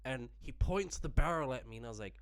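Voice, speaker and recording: Dry storyteller. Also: male voice, mid-range voice, expressive, quick pace, smooth, no room sound. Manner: wry, swearing, builds suspense. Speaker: podcast co-host. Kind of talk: casual storytelling chat.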